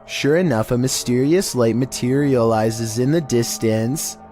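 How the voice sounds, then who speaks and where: A man hosting and narrating a scripted countdown in a steady monotone delivery. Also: medium pitch, a little slow, music in the background. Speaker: host and narrator.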